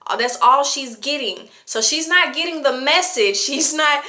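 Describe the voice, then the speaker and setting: A woman's voice: high-pitched, lively intonation, moderate pace, pushed and bright. A woman in her late twenties talking casually to camera about parenting, chatty and reflective, with lots of fillers. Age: 20s. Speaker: vlogger.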